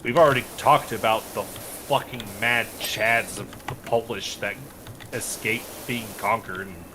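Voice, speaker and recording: A man's voice: fairly low pitch, steady tone, a little slow, noisy background. Rambling, opinionated man on a stream. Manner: rambling, opinionated, swears freely. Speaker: streamer co-host. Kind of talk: casual chat while gaming.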